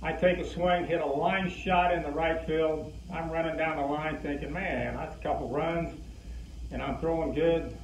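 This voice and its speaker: Older guy spinning a ballpark story, kinda high voice, sounds far off in an echoey room. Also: steady tone, moderate pace, a little hiss or hum. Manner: storyteller voicing quoted people. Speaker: former pitcher telling a story. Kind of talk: casual anecdote. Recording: roomy, distant, muffled.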